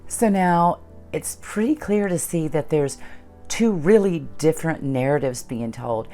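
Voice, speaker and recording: A middle-aged woman hosting her own channel earnestly retells a personal story, acting out the dialogue. Her low, mellow voice is animated and a little slow, with faint music behind her.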